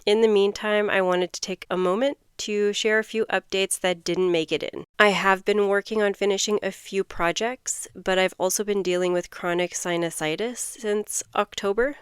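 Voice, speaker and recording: A woman's voice: mid-range voice, clean tone, no echo, studio quality. A woman hosting a podcast, a hypnotist giving an upbeat, enthusiastic solo update read from a script.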